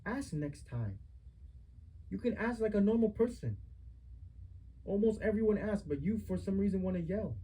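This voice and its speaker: A man's voice: high-pitched, expressive, normal speed, long pauses, mellow, a little hiss or hum, poor audio. A young man in a heated family argument, confronting his mother with accusing, repetitive rhetorical questions.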